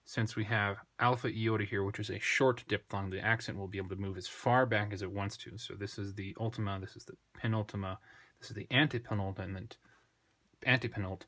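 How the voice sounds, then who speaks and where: A man with a fairly low voice talks through a language lesson at an unhurried pace. He thinks aloud, pauses over his words and corrects himself now and then. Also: fairly bright tone. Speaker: Greek tutor. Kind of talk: unscripted screen lesson.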